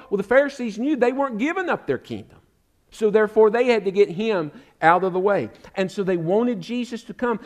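Middle-aged guy preaching, high voice, goes quiet then belts it out. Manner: impassioned preaching, swinging from hushed to shouted. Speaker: pastor. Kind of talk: sermon.

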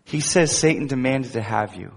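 A male pastor delivers a sermon with emphatic force, dropping at times to hushed, intimate asides. His voice is slightly husky, and it rings out with a long reverb in a large hall. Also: mid-range voice, lively intonation, normal speed. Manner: emphatic preaching with wide swings between loud emphasis and soft asides.

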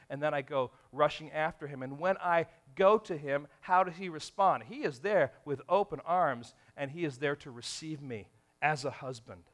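A man preaching to his congregation with a bright, forceful voice pitched a little above the usual. He talks animatedly and acts out everyday scenarios in different voices. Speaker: pastor. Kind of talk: sermon.

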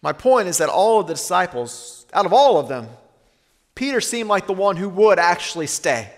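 A man preaching a sermon as pastor, earnest, slowing and softening on weighty lines. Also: high-pitched, big pitch swings, big-room sound.

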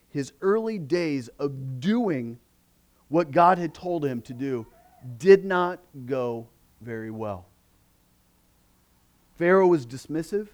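A man delivering a sermon as a pastor, his voice sitting high for a man. He preaches expressively, pressing hard on key phrases and dropping to near-quiet asides. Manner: expressive preaching, swings between emphatic and hushed.

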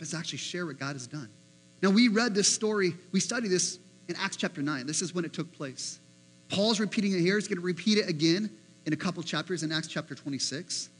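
A man preaching a sermon as pastor, animated, acting out the voices he quotes. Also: high voice, slightly rough, low-quality recording.

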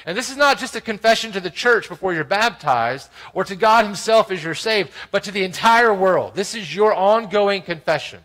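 A pastor with a high-pitched voice walks through a scripture passage. He rises to loud emphasis and drops to quiet asides, often checking in with "right?". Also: expressive, normal speed, few pauses, poor audio. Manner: expository preaching with frequent "right?" asides. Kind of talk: sermon.

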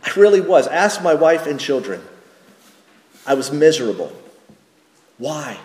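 A pastor preaches in a slightly high male voice, slow and deliberate, asking rhetorical questions and answering them. His words ring out in a large, echoey church hall with a long reverb tail. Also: very animated, a little mellow. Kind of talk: sermon.

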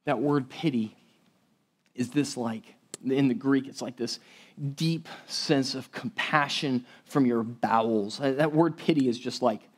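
A man's voice: mid-range voice, measured pace. A man preaching a sermon in a conversational, emphatic way, with frequent restarts and asides to the congregation. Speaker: pastor.

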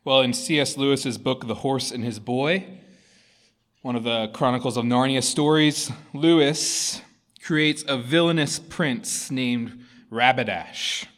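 Male pastor, mid-pitched, expressive sermon reader. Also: unhurried. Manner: expressive, storytelling delivery.

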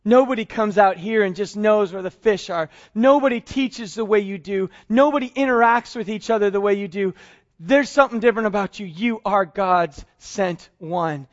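A man's voice: sits high, fairly quick, dull audio, lightly acted. A man acting out a remorseful, blunt fisherman who pleads and blames himself. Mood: pleading. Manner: earnest, pleading, self-reproaching.

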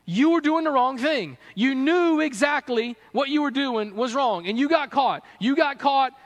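Stern lecturing traffic cop, put on by a man, high voice, long hall reverb. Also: expressive, unhurried, highs cut off. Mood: scolding. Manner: lecturing, repeating the charge. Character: stern male police officer at a traffic stop.

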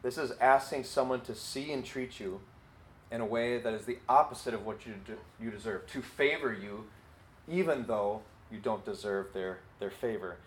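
A man teaching a sermon in a relaxed, conversational way, full of fillers like "like" and "you know". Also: mid-range voice, moderate pace, a little hiss or hum, poor audio. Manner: conversational, with many fillers and acted quotes. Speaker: Bible teacher.

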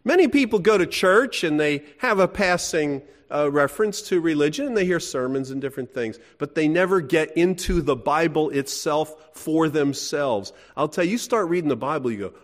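Man, pastor, sermon, lively rising and falling pitch, emphatic, folksy, rhetorical questions. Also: moderate pace, hardly any pauses.

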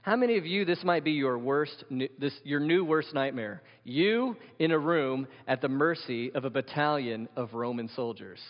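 A man's voice: medium pitch, lively intonation, normal speed, hardly any pauses. Male pastor, emphatic sermon delivery, questioning the congregation, dull lo-fi sound with long hall reverb.

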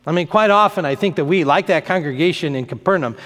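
A pastor preaching a sermon, emphatic and fond of repeating phrases for effect. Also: male voice, fairly high pitch, fast talker, a bit bright, long reverb tail.

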